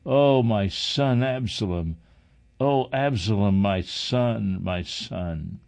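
A man's voice: low voice, animated, takes it slowly, darkish tone, exaggerated voice. A grieving old king, as a man reads him. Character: grieving old king mourning his son.

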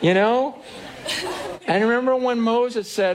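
Pastor, male, fairly high voice, heartfelt sermon delivery with quoted inner dialogue. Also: lively intonation, unhurried, a faint crowd. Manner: earnest, self-questioning preaching with acted-out inner voices.

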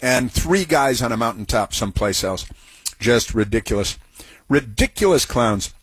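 A man's voice: mid-range voice, expressive, normal speed, slightly rough, no echo. A man hosting a radio talk show, giving scornful, opinionated commentary full of "uh"s. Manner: scornful, sarcastic, many filler "uh"s.

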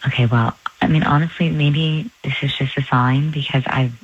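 A young woman on a phone call, talking hesitantly with stammers and pauses. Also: low-pitched, fairly even intonation. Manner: hesitant, stammering, rising to upset. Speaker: caller. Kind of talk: phone conversation. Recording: muffled phone line with faint hiss.

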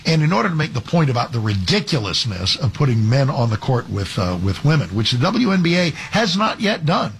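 A man's voice: mid-range voice, very animated, a little fast, gravelly, hardly any pauses, slight background noise. Argumentative male talk radio host. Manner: conversational, frequent restarts and fillers, argumentative. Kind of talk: conservative talk radio commentary.

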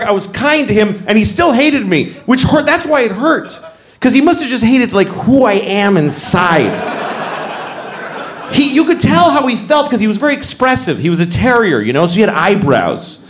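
A middle-aged man telling stories in a stand-up comedy routine, acting out the people in them. His voice sits high and swings widely as he talks. It is heard in a roomy live venue with clear noise behind it. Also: moderate pace. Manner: animated storytelling, acts out characters with big pitch jumps. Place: comedy club stage with audience.

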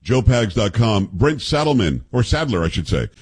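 A man's voice: on the low side, big pitch swings, moderate pace, breathy edge. A man hosting a talk radio show, delivering a combative, mocking monologue and reading ads.

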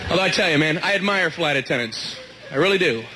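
A man's voice: on the high side, animated, fast talker, heavy background noise. A man doing a stand-up comedy set, ranting with exasperated energy. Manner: ranting, exasperated, rising to loud outbursts.

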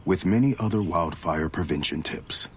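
A man voicing a wise forest bear in a public service ad, slow and solemn. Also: deep voice, fairly bright tone, a little hiss or hum. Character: Smokey Bear, deep-voiced wise forest bear.

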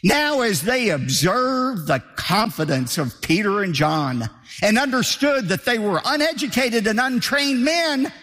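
An emphatic male pastor preaching with a high, lively voice that leaps up and down. His tone is bright and forceful, and he hammers home key phrases by repeating them. The sound rings with the long reverb of a large hall. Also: a little slow. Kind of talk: sermon.

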